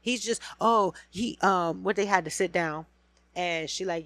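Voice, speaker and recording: A woman hosting a podcast alone, giving a casual, blunt and profane rant about reality TV with loud emphatic bursts. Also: medium pitch, expressive, a little slow, no room sound. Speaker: podcast host.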